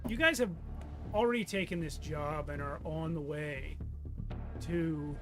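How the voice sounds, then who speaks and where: A man narrating a tabletop game as game master, unhurried, with many fillers. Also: a little high, music in the background.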